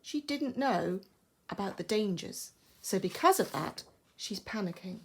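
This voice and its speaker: A woman's voice: medium pitch, expressive, a little slow, a little hiss or hum. A woman with an English accent, a primary school teacher, giving a recorded lesson and explaining patiently and expressively.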